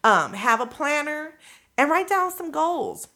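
A woman's voice: high voice, sing-song, unhurried, sharp tone. A woman hosting her own podcast, giving a casual, motivational talk to listeners in a direct, coaxing, slangy way, checking in with "okay?" and "you know what I'm saying?". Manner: colloquial, slangy delivery. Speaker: podcast host.

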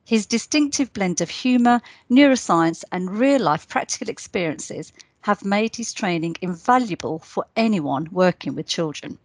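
A woman's voice: lowish voice, no echo. A woman interviewing a guest, hesitant and full of fillers as she asks her questions. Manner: hesitant, many fillers when asking.

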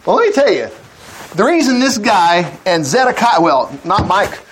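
Male preacher, fairly high voice, swooping pitch, folksy, chuckling storyteller. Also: big pitch swings, normal speed, slightly rough. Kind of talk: sermon, retelling a Bible story.

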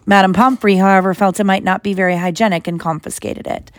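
A woman voicing a calm, wry old headmaster. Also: medium pitch, fast talker, no echo, clean studio sound, lightly acted. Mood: gentle. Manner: gentle, soothing, gently humorous. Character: kindly elderly male headmaster, calm and wry.

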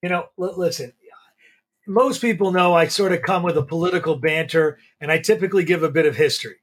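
A man's voice: a little high, a little fast, fairly bright tone, breathy edge. A man hosting a sports talk show, explaining the topic and handing the floor to his co-host. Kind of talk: hosting a talk show, history-minded commentary.

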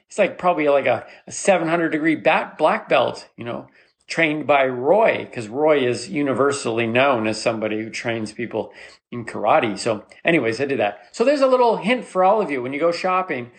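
A male comedian rambles through a solo podcast monologue with a voice pitched a bit above the usual for a man. He tells his story in an animated, mock-rallying way and jumps into a squeaky high voice when he quotes people. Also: moderate pace.

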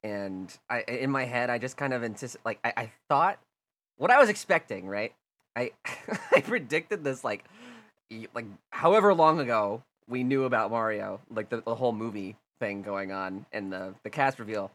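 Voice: medium pitch, animated, moderate pace, a bit bright. A podcast host leading a casual chat, laughing often and talking in a loose way.

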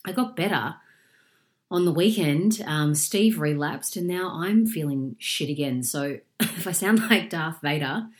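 A woman's voice: deep voice, animated, unhurried. An Australian woman in her forties, sick with a chesty cough, hosting her podcast in a chatty, upbeat way with plenty of fillers. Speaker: podcast host and coach. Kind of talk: casual solo podcast chat.

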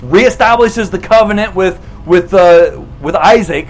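A man preaching a sermon as a lively story, retelling scripture in casual words and acting out quotes. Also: high voice, slight background noise, low-quality recording. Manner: animated, casual retelling with quick acted quotes.

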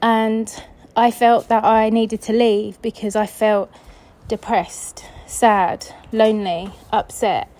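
A woman's voice: fairly high pitch, flat delivery, slow, darkish tone, poor audio. A woman from England hosting a podcast, telling a personal story in a chatty, casual way, acting out the voices she quotes. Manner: chatty, acts out quoted voices, laughs often. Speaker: podcast host.

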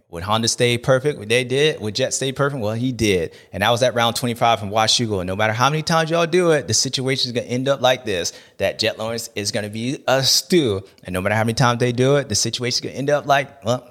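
In a fairly quick, mid-range voice, a man hosts a race recap show with a loose, joking, slang-heavy rant. He's animated and wanders from one aside to another.

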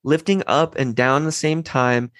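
Speaking in an unhurried mid-range voice with no room sound, a thirties-aged man hosts a parenting podcast. He shares animated, casual stories about his children, putting on a lighter voice when he quotes them.

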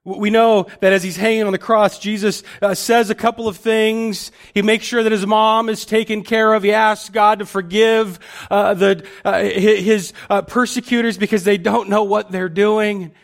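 A man's voice: high voice, flat delivery, normal speed, few pauses. A male pastor giving a conversational sermon, often restarting and repeating words as he thinks aloud.

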